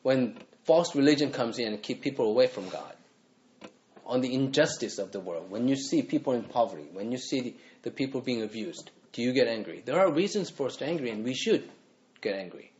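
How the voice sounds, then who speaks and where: A man's voice: medium pitch, expressive, fairly quick, a little mellow, slight background noise. Earnest preacher man, dull lo-fi recording. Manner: earnest, asks the listeners repeated rhetorical questions. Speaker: pastor. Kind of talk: sermon.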